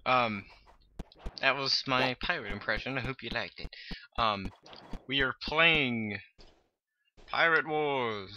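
Slow-talking man commenting on a game. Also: medium pitch. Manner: hums dramatic dun-dun music while playing. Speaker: gaming video host. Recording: lo-fi with loud background noise.

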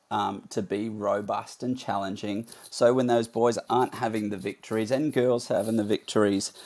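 A man hosting a podcast, reflecting on his own story in a relaxed conversation. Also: fairly low pitch. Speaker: podcast host.

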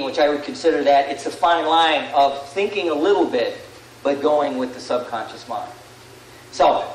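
A man giving a live seminar talk to an audience, rambling and animated and often asking "right?". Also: a little high, a little hiss or hum. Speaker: seminar speaker. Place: large room with an audience. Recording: echoey room, far from the mic.

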